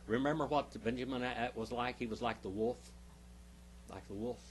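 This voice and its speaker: A man's voice: mid-range voice, moderate pace, slight background noise. A male pastor teaching a Bible class, emphatic, stopping often to quiz his listeners with questions.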